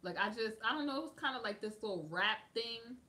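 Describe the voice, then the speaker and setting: An American woman hosts a livestream in a fast, animated voice that's fairly high, pushed and bright. She chats casually and answers viewer comments, drifting between topics with plenty of "like" fillers.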